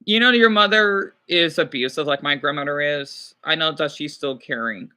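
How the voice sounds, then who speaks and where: A man talks on a casual livestream in a high, very bright and tense voice. He rambles, swears and keeps apologizing. He answers his chat directly. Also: normal speed, clear, resonant tone. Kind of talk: casual livestream chat, reading viewer comments.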